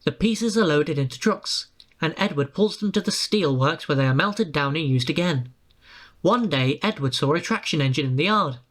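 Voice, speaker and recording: A storybook narrator reading aloud in a measured, expressive manner, at a middle pitch. The delivery is steady and clear for young listeners.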